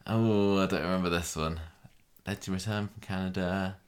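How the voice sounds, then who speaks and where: A man's voice: deep voice, fairly even intonation, moderate pace. A man co-hosting a podcast in casual chat, joking and laughing often. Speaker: podcast co-host.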